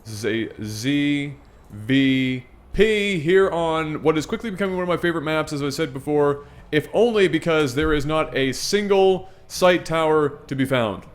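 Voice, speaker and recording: A man's voice: fairly high pitch, lively intonation, normal speed. A man casting a video game match in a casual, joking, irreverent way, swearing now and then. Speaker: game commentator. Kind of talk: casual esports commentary.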